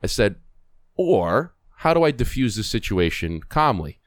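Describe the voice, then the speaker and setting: A middle-aged man, a podcast host telling a story in casual conversation, animated, acting out quoted voices and restarting often. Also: lowish voice, unhurried, no echo, studio quality.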